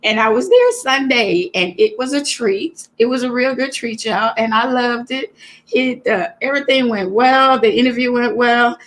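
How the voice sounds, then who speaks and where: A woman's voice: a little high, moderate pace. Chatty woman hosting a livestream. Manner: warm, thanks chat viewers by name. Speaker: livestream host. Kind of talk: casual livestream talk.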